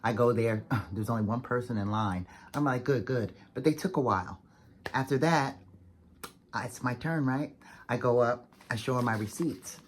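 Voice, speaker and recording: A woman vlogger telling a story to the camera in a chatty, fast, animated way, full of "like"s and acted-out quotes. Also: rumbling low. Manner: chatty, fast-talking, animated retelling with many "like"s.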